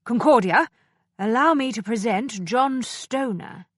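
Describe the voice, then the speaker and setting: A calm, composed gentleman, read by a woman. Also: a little high, a little slow, no room sound, studio quality.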